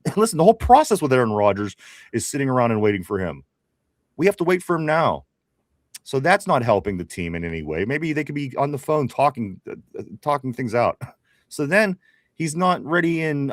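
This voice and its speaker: A podcast host with a Pittsburgh accent runs a casual sports talk show, reading viewer comments from the live chat aloud. He's chatty, laughing often and restarting sentences, in a medium-pitched voice recorded clean in a studio with no room sound.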